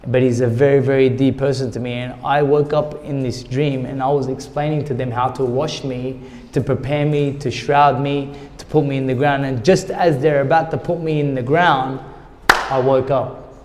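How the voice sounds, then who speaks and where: A man's voice: medium pitch, flat delivery, normal speed, a little mellow, in a large hall. A middle-aged man, a guest in an interview, earnestly telling a personal story and repeating words when he gets emotional.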